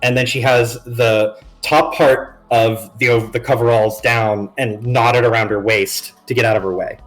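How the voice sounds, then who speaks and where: A man narrating a tabletop role-play as game master, rambling loosely through each description. His pitch sits in a middle range for a man. Soft music plays faintly in the background. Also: steady tone, a little slow.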